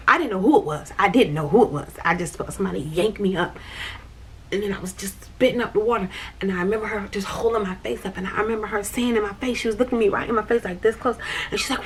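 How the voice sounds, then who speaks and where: A woman recounts a childhood memory in a steady mid-range voice, circling back over phrases as she relives it. A faint hiss of background noise sits under her voice. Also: medium pitch, a little fast. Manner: repetitive, vivid recounting. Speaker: storyteller. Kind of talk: personal storytelling.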